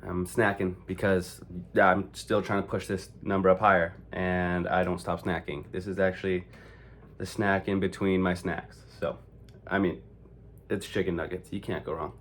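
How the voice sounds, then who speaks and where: Male fitness vlogger, lowish voice, loose and upbeat, casual swearing. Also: little pitch movement, normal speed. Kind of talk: casual vlog talk to camera.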